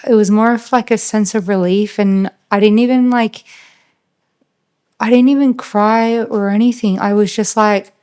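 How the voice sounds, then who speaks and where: A woman with an Australian accent, a podcast guest, telling a personal story in a halting, flat way with lots of fillers. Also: mid-range voice, clean tone. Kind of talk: casual storytelling.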